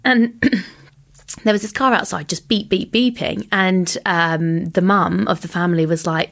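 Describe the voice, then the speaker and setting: A woman's voice: lowish voice, unhurried, vocal fry. Chatty woman telling a story. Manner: animated, chatty, full of "like"s, acts out quotes. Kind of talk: casual storytelling chat.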